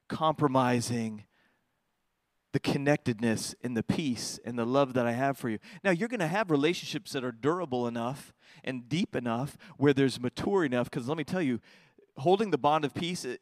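A man delivering a sermon with a somewhat high voice that climbs even higher when he hits a point. He preaches conversationally and restarts phrases as he builds. The sound is dry and close, with no room echo. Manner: conversational preaching with rising emphatic peaks and repeated restarts. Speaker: pastor.

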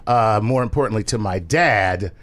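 A man's voice: fairly low pitch, moderate pace. A man hosting a casual comedy podcast, laughing easily and turning earnest on serious topics. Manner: animated, laughs often, turns earnest. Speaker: podcast host reading a listener letter.

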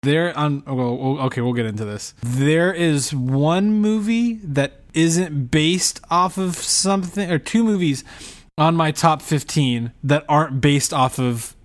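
A man co-hosting a casual podcast, quick and jokey as he talks through picks. His voice sits a little high for a man, and he keeps an easy, animated flow. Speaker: podcast co-host. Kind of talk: casual chat.

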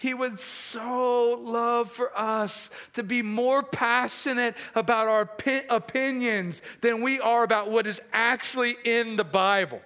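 A male preacher delivering a sermon with a high-pitched voice. His tone is bright and forceful, and he gets animated as he acts out conversations from the story, now and then laughing at his own asides. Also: a little slow, hardly any pauses.

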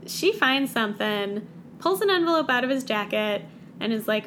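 A woman's voice: high voice, fairly bright tone, slight background noise. Sarcastic woman retelling a story. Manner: sarcastic, acts out characters in quick voices. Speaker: podcast co-host recapping a book. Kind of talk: casual chat.

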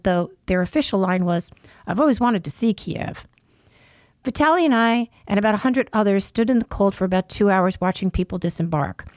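A woman's voice: mid-range voice, a little mellow, dry recording, studio quality. A woman reading her own first-person dispatch aloud, breaking off for wry conversational asides.

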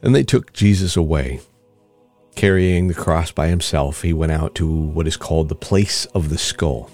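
A man giving an expressive, storytelling scripture reading as the show's reader. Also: sits low.

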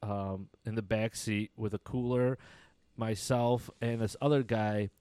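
A man's voice: on the low side, fairly even intonation, unhurried, dark tone, clean tone, dry recording. A young man telling a long story in casual chat, rambling, laughing often and swearing casually.

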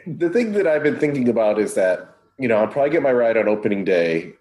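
A man hosting a casual podcast chat, relaxed and talkative, putting questions to his guests. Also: medium pitch, fast. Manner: relaxed, chatty, asks the others questions. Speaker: podcast host.

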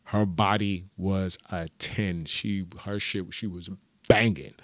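A man with a low voice tells casual stories on his podcast, laughing often and swearing freely. The room around him sounds dry and close. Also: takes it slowly, no echo. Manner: profane, laughing, animated storyteller. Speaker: podcast host. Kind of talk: casual solo storytelling.

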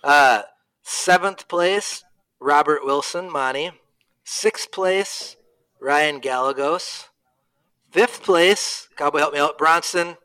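A man's voice: a little high, slow, clear, resonant tone, dry recording. A man co-hosting a casual podcast, telling stories with lots of laughter and acting out both sides of each conversation. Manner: animated storyteller who acts out both sides of conversations; laughs often while talking. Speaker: podcast co-host. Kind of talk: casual chat, race recap.

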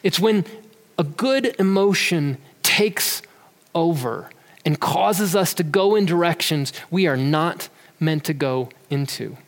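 A man's voice: fairly high pitch, expressive, slow. A man giving an earnest, conversational talk about emotions who sometimes repeats words as he goes. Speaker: speaker on emotions. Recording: long hall reverb.

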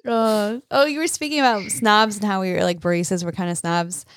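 A woman in casual chat, telling animated work stories and acting out customers. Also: mid-range voice, a little fast, no echo, clean studio sound. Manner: animated storyteller, acts out customers. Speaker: barista.

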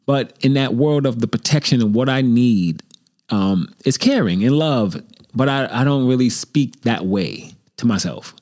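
A man at home talks into a desk mic, hosting his own show in a loose, rambling way. He pokes fun at himself and sometimes drops into a low mutter to play the doubting voice in his head. His voice sits in the middle of the usual range for a man. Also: darkish tone. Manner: rambling, self-deprecating, acts out his inner critic in a low muttering voice. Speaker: host. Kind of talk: casual solo monologue. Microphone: desk microphone.

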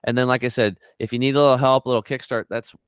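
Middle-aged guy on a health talk show, smooth clear voice, dry close mic, acts out every quote. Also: racing, dry recording. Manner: animated storyteller, acts out quotes with big pitch jumps. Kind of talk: energetic conversational interview.

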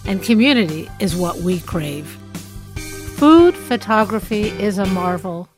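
Lady host reading an intro and asking questions, measured, music playing underneath. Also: mid-range voice, lively intonation, a little mellow. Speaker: podcast host. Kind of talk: scripted intro and interview questions.

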